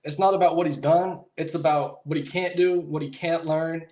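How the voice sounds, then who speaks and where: A man's voice: on the high side, steady tone, moderate pace, warm tone, reverberant. A man calling in to a sports show, ranting in frustration in casual slang. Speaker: caller. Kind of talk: fired-up fan rant.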